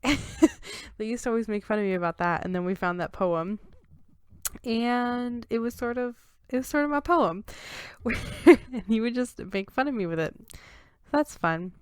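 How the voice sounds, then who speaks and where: A woman's voice: fairly high pitch, measured pace, smooth, no echo, clean studio sound. A young woman hosting a casual solo podcast, laughing at herself as she stumbles through tongue twisters. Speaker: podcast host.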